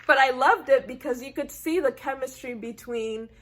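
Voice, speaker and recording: A woman recapping a TV episode in a casual, animated way, acting out her own reactions and leaning on "like" and "I said". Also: high voice, moderate pace. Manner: chatty, heavy use of "like" and "I said". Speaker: TV recap vlogger.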